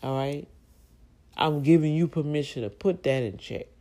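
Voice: mid-range voice, moderate pace, warm tone, poor audio. A middle-aged host talking in a casual monologue, emphatic and preachy, repeating key phrases.

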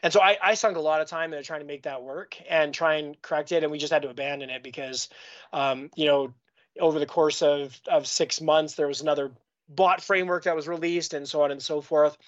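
A man's voice: on the high side, steady tone, a little fast, highs cut off. A man from Canada, a guest on a podcast, talking casually about his work and telling stories with lots of restarts and fillers. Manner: rambling, with frequent restarts and fillers. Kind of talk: casual conversational storytelling.

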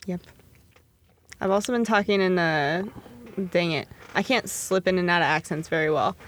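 A woman's voice: on the low side, normal speed, slight background noise. A young woman hosting a casual podcast, playful and giggly, often sliding into mock accents. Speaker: podcast host. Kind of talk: casual chat.

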